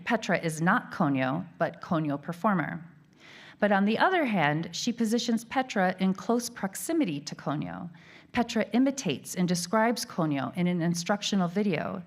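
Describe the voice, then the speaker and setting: A woman gives a keynote lecture in a fairly low voice. She reads from a prepared text in a measured, academic way, with the odd filler. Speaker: keynote speaker.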